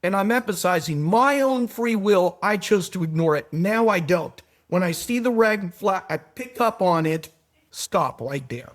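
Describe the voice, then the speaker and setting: Middle-aged male guest with a fairly high voice, lively and emphatic, drops low for asides. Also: unhurried. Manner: animated storytelling, swings from soft asides to emphatic peaks. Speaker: podcast guest, foundation manager. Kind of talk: conversational podcast interview.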